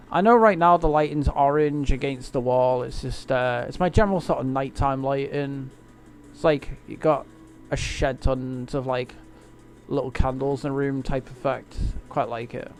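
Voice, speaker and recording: Playing a racing game on stream at home late at night, this gamer chats loosely with viewers, joking and wandering off topic. He speaks at a medium pitch with a darkish tone, and there's a little hiss or hum in the audio.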